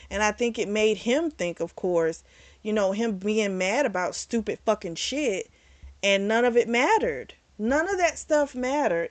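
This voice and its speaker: A woman's voice: mid-range voice, no echo. Chatty woman recapping a book. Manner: chatty, retells plot in quoted voices, frequent "like" and "um"; candid, swears casually. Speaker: book reviewer. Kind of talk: casual book review recap.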